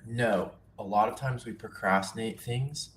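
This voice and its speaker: A man casually teaching nature journaling on a livestream, relaxed and chatty with self-deprecating asides. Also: lowish voice, a little slow, a little hiss or hum.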